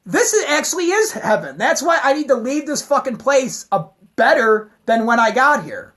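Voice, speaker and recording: A woman's voice: sits high, very animated, moderate pace, fairly bright tone. A woman giving a heated, profane, rambling rant to her camera. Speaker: vlogger.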